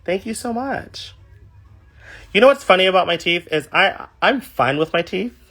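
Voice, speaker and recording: Lively, bright-voiced young man chatting live. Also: sits high, moderate pace, soft background music. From California. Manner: animated, chatty, reads viewer comments aloud. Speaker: drag performer. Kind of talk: casual livestream chat.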